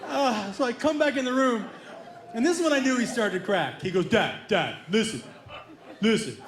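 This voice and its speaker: A high-voiced man doing stand-up on a club stage, his lines ringing through an echoey room. Loud crowd laughter and noise fill the gaps between his punchlines as he acts out each character. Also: brisk. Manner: animated, acts out his son's lines in a childish voice. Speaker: stand-up comedian. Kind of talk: stand-up storytelling.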